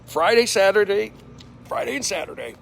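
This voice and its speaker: A man in his forties streams live from his phone while walking outside. He swings from loud, lively bursts to mumbled asides, and his throat is irritated and scratchy. Faint street noise runs under his voice. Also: high-pitched, moderate pace, gravelly. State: throat irritated, coughing and clearing throat. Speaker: comedian livestreaming to viewers. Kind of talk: casual livestream chat reading comments.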